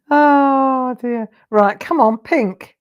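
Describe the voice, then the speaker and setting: A woman's voice: lowish voice, darkish tone. An English woman hosting a live crafting show, telling rambling anecdotes and laughing often. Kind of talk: chatty storytelling while crafting.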